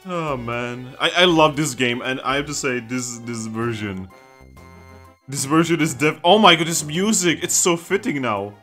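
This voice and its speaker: An excitable let's play commentator chatting casually over a game, laughing often and swearing freely. The voice swings widely in pitch and has a bright, forceful edge. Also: unhurried, faint music behind.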